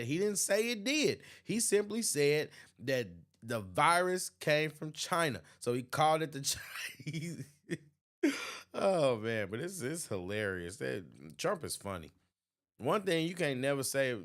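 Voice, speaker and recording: A man's voice: medium pitch, fairly bright tone, smooth. A man hosting his channel, giving casual reaction commentary and laughing often between remarks. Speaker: channel host.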